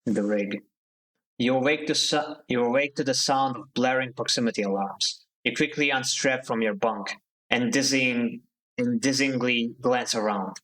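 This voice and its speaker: A man streaming a narrative game, reading the text aloud at a middle pitch. He breaks in with relaxed, joking asides between passages. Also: moderate pace, poor audio.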